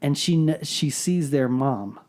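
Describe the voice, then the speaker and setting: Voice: mid-range voice, unhurried, background noise. Laughing co-host telling spooky family anecdotes. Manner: animated, laughing through anecdotes. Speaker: podcast co-host. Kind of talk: casual storytelling chat.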